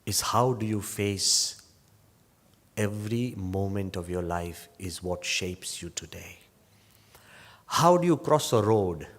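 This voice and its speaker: An older man from England, a monk giving a motivational talk, telling humorous stories with wry, lively delivery. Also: fairly low pitch, slow, long pauses. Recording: long reverb of a large hall.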